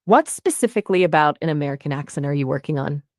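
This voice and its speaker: A synthetic-sounding woman's voice as an AI conversation partner, upbeat and playful, with lively jumps in pitch. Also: fast talker, no echo, clean studio sound. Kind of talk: chatty voice assistant conversation.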